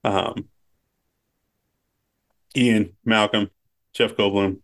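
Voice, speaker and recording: Low-voiced man chatting wryly. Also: steady tone, very slow, fairly bright tone. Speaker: podcast co-host. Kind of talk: casual chat.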